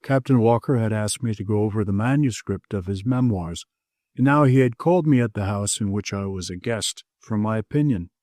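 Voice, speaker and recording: A man with a lowish voice narrates a classic detective story in the first person, steady and measured. The sound is dry and close to the mic with no room echo. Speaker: audiobook narrator.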